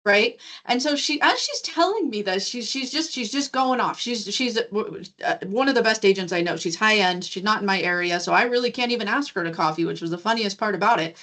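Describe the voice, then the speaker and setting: A woman loan originator and guest coach telling a work story in a casual, animated way, acting out the voices in the conversation. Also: mid-range voice, a little fast. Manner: animated, acts out dialogue in a lively voice.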